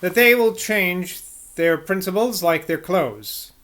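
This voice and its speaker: A man's voice: high voice, slow, a bit bright, voice pushed up. A man reading the lines of a courteous, formal foreign general in an audiobook, without putting on an accent. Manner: formal, polite.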